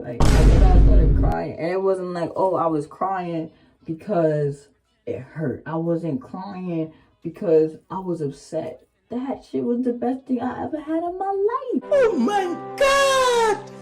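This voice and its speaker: A young woman tells a candid storytime to her camera, full of slang and fillers, now and then jumping to excited exclamations. Her voice sits a little low with a mellow, relaxed tone. Faint music plays softly behind her. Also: a little slow. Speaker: vlogger. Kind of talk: casual storytime chat.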